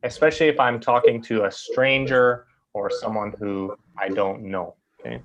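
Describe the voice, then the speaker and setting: A man's voice: lowish voice, steady tone, normal speed, a bit bright, lo-fi sound. A man teaching an English grammar class, explaining patiently and checking often with "right?".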